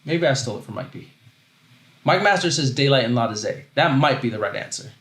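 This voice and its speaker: A man hosting a casual livestream, talking in loose rambling runs that keep breaking off and restarting, then stopping to read chat out loud. His voice sits at an ordinary middle pitch. The sound has a roomy echo around it. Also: a little fast. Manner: rambling, self-interrupting, animated, reads chat aloud. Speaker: host.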